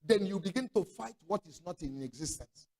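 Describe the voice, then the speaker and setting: A middle-aged male pastor preaches a sermon in a high, animated voice with a somewhat dark tone at an ordinary pace. He tells stories, acts out the dialogue he quotes, and tosses rhetorical questions to the congregation.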